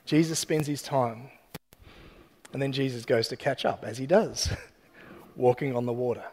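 A man's voice: medium pitch, unhurried, a little mellow, husky. A man giving a casual, joking sermon that retells a story and ends in prayer. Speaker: preacher. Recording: long hall reverb.

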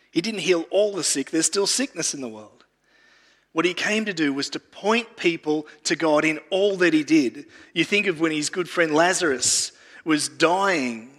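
A man's voice: a little high, a bit bright. A male pastor giving an earnest sermon who often repeats words while he gathers his thoughts. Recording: long reverb of a large room.

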